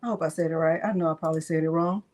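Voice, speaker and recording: A woman's voice: low voice, steady tone, racing, a little mellow. A middle-aged woman hosting a crafting livestream, gushing and exclaiming to viewers as she runs a prize drawing. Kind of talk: excited live stream chat. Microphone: desk microphone.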